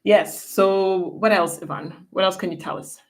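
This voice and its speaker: A woman's voice: mid-range voice, normal speed. A woman co-hosting a casual livestream, chatting and reading viewer comments aloud from a home setup. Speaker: livestream co-host.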